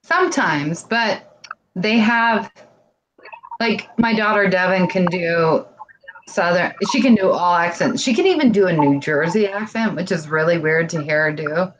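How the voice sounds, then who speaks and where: A woman's voice: on the low side, animated, unhurried, noisy background. A woman guest in a casual live-stream chat, talking in a rambling, earnest way, heavy on "like".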